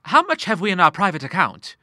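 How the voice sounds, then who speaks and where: A man voicing a young son, hesitant and apologetic, stumbling over fillers in a storybook reading. The voice is bright and close, with a dry sound. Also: high voice, very animated, quick pace, no echo, voice pushed up, heavily acted.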